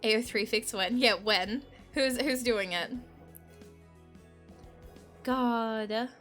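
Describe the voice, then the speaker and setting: A woman's voice: a little high, extremely slow, fairly bright tone, faint music behind. A young woman streaming a game, gushing and rambling with many filler words as she comments and reads aloud.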